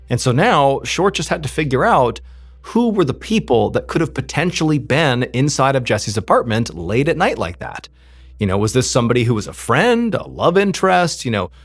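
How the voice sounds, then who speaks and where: A man narrates a true crime story in a relaxed, conversational way, dropping in frequent "you know" asides. His voice is gravelly and a little husky, and his pitch rises and falls in a lively way. Faint music plays underneath.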